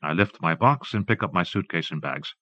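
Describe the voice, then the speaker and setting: A man narrating a literary audiobook in a measured, even reading. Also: deep voice, no echo. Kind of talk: scripted narration. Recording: dull dry tape recording.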